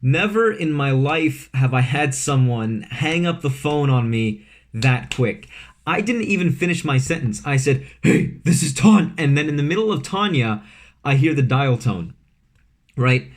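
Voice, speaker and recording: Speaking slowly in an expressive, mid-range voice, a young vlogger shares a laid-back storytime from his bedroom. He's from Vancouver, Canada, and his telling wanders through plenty of fillers and side comments.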